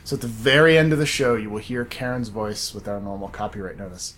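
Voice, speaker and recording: A man's voice: fairly low pitch, fast, fairly bright tone. A man co-hosting a podcast in casual chat, talking at length in a digressive, explaining way with many fillers and restarts. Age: adult, studied Latin up to eleventh grade. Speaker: podcast co-host.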